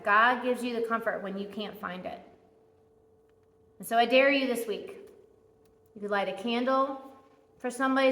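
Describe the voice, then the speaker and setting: A woman preaching to her church in an earnest, conversational way, her voice bright and a little high. The sound rings out through a reverberant church sanctuary. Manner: earnest, conversational preaching with heartfelt spoken prayers. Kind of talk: sermon. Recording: echoey church hall.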